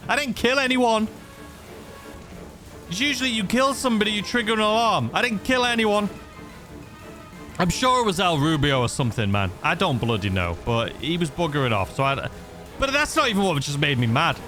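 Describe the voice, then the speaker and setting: A man's voice: high-pitched, sing-song, normal speed, sharp tone, faint music behind. A man giving rambling, self-mocking gameplay commentary that tips into frustration. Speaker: gaming YouTuber.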